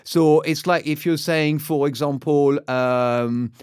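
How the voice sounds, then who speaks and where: A man's voice: fairly high pitch, steady tone, takes it slowly, darkish tone, clean tone, no room sound, studio quality. French-accented male host, curious and hesitant. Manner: curious, hesitant, repeats words. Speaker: podcast host. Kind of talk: casual interview chat.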